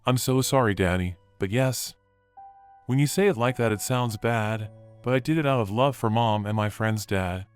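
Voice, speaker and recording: A man's voice: on the low side, normal speed, smooth, soft background music, natural voice. Man voicing a tearful pleading young daughter. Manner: pleading, apologetic.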